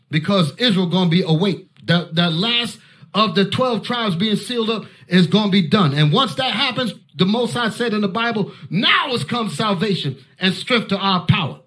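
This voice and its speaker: Fiery high-voiced male preacher. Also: expressive, normal speed. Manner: forceful, shouting outbursts, commanding. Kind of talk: fiery street-style Bible teaching.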